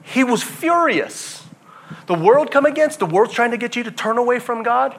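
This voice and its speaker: A male preacher delivering a sermon in an impassioned, emphatic way, swinging between quiet reflection and loud emphasis. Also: very high-pitched, expressive, normal speed.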